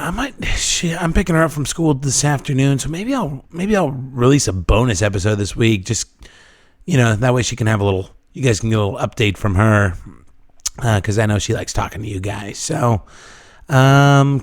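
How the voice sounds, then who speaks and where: A man hosting a casual podcast, his voice worn hoarse, rambling with lots of fillers and restarts. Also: medium pitch, no echo, clean studio sound. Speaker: podcast host. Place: living room.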